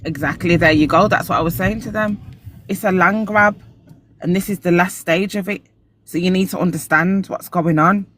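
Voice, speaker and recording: A man's voice: high-pitched, normal speed, fairly bright tone, a little hiss or hum. A man hosting a casual live-stream podcast, animatedly retelling his arguments. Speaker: podcast host.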